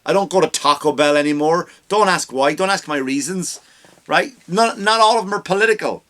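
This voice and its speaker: A man's voice: on the high side, a little fast, a bit bright. An Irish man hosting a comedy podcast, delivering a heated, profane rant. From Ireland.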